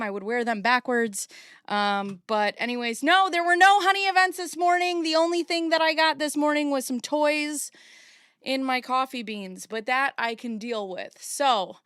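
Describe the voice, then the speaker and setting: Woman streamer in her forties, casual rambling chat, smooth clear voice, dry close sound. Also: high-pitched, normal speed, a bit bright, no room sound. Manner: rambling, chatty, self-deprecating. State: a little out of breath. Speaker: streamer host.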